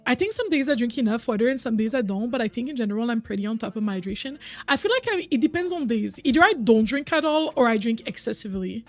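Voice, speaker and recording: Chatty high-voiced woman streamer. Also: expressive, fast talker, few pauses. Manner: chatty, reads and answers chat, hums and sings bits. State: recovering from a cold. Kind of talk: casual live-stream chat with viewers.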